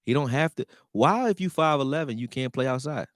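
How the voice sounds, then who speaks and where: A man talking casually on a sports live stream, profane and animated, answering his chat. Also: medium pitch, brisk, no room sound, clean studio sound.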